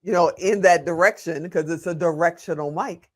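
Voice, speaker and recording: A man's voice: fairly high pitch, normal speed. A man hosting a casual video interview, chatty and asking long, rambling questions. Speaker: interview host.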